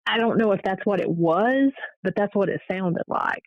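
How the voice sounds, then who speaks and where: A woman paranormal investigator, a guest on the show, telling her stories in a casual, animated way. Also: mid-range voice, moderate pace, no echo. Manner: animated storytelling, fillers and restarts. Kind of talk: casual interview storytelling. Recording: dull lo-fi audio.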